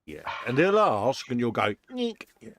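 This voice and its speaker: A man's voice: medium pitch, huge pitch swings, moderate pace, vocal fry, slight background noise. An English man hosting a casual live chat from his workshop, laughing often and calling everyone "mate". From England. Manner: chatty, laughs often, says "mate" a lot. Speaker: host.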